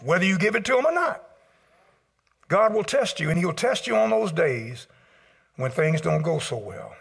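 A man preaching a sermon as pastor, swinging between shouted peaks and hushed low passages and calling out to the congregation. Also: gravelly, breathy edge. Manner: calls out to the congregation. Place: church service.

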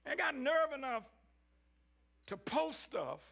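A man preaching a sermon, swinging between shouted peaks and low, quiet stretches. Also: very animated, slow pace, vocal fry. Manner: rising to shouts, then dropping low.

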